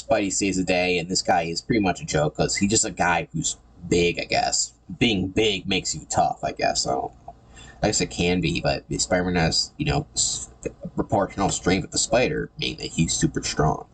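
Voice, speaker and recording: Guy with a deep voice riffing on old comics, snarky and offhand, trips over his words a lot. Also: animated, normal speed, creaky, fairly bright tone, slightly rough. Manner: sarcastic, irreverent, with frequent repeated words. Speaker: comic book reviewer. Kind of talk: casual commentary.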